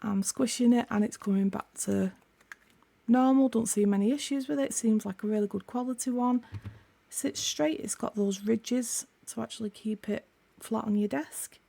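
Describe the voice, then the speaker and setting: Her throat sore and croaky, a woman chats casually while unboxing craft supplies for her channel, rambling and correcting herself along the way. Her voice sits on the high side with a dark tone, at a normal speed.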